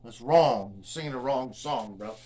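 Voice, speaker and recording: A man's voice: medium pitch, normal speed. A man in his fifties telling a rambling, casual story, swearing freely and tagging his sentences with "man" and "you know what I mean". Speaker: guitar restorer and vlogger. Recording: loud guitar playing behind the voice.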